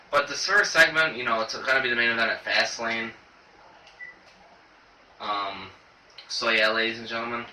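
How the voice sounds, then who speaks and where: A man's voice: medium pitch, bright, forceful tone. Rambling young man reviewing wrestling. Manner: rambling, halting, many fillers. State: choked up. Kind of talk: casual video review. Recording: echoey room, distant camera mic, faint noise.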